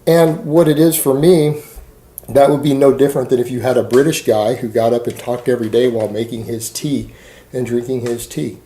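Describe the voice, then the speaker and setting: A man's voice: medium pitch, steady tone, brisk, mellow. A man speaking to camera in a rambling, defensive monologue, sarcastic and full of fillers. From Texas. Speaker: fitness YouTuber.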